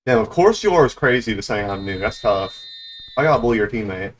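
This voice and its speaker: A man giving live gameplay commentary, excitable and trash-talking, who swears a lot, rants about the game and breaks into sudden high yelps. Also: quick pace, a little hiss or hum. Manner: grumbling, ranting complaints. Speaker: gaming YouTuber.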